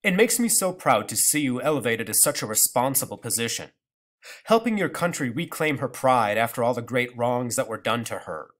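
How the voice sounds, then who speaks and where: A proud, nostalgic old grandfather speaking earnestly, as a man reading the story puts him on. The voice moves through a lively range, with the plain feel of a storybook reading. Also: medium pitch, normal speed, lightly acted.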